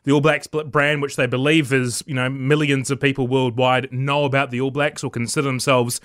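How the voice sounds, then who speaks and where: A man's voice: mid-range voice, little pitch movement, fairly quick, a bit bright, no room sound. A New man, a rugby editor, chatting easily in a radio studio interview.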